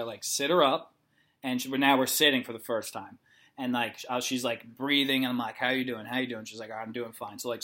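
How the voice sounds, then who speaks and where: A man's voice: mid-range voice, fairly bright tone. A young man casually telling a long story, rambling with lots of "like" and acting out the dialogue. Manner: rambling, heavy use of "like", acts out dialogue.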